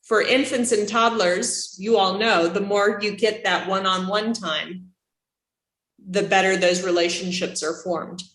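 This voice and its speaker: A woman's voice: medium pitch, a little slow. Chatty woman teaching a class, roomy sound. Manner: chatty, animated, asks the class questions. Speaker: instructor. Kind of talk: classroom lecture. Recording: echoey room.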